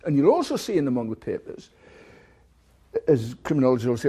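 A man's voice: mid-range voice, very animated, fast, dark tone, husky. A man giving a rambling university lecture, full of restarts, stumbles and asides.

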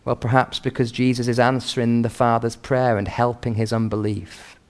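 A man preaching a sermon in an earnest, measured and emphatic pastoral way. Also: medium pitch, little pitch movement.

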